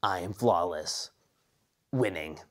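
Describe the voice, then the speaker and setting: A smug, arrogant young male duelist brags about always winning, as a young man puts him on. The voice sits very low and deep. It has the easy, self-satisfied delivery of a comedy parody. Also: takes it slowly. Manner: smug, bragging.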